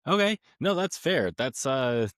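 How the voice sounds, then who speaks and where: Seorang pria pembawa acara podcast yang bicara santai, mudah setuju, dan sering ragu dengan kata pengisi. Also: male voice, medium pitch, big pitch swings, measured pace, fairly bright tone, clear, resonant tone, no echo, clean studio sound. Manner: agreeable, hesitant fillers. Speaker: podcast host. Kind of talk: casual interview talk.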